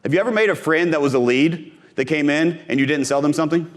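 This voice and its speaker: A man's voice: fairly high pitch, quick pace. A man from Missouri giving a live conference talk on sales, punchy and direct, repeating his key phrases and speaking straight to the audience. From Missouri, USA.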